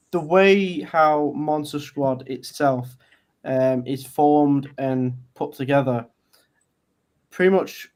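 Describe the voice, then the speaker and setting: A British man, a guest on a podcast, talking in a relaxed, hesitant way with many pauses. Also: mid-range voice. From Britain. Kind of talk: casual podcast chat.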